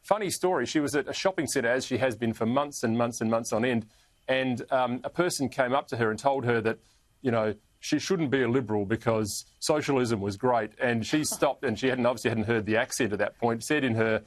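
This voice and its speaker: A man's voice: mid-range voice, brisk, no echo. An Australian man talking as a politician guest in an interview, chatty, chuckling through his stories and trailing off with fillers. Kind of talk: casual interview talk.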